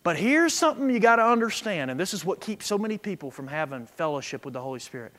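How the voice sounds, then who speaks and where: High-voiced preacher in a reverberant church. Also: male voice, sing-song, fast. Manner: preaching with big swings in loudness, reading scripture aloud emphatically. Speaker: pastor. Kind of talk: sermon. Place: church sanctuary. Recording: echo with long reverb in a church.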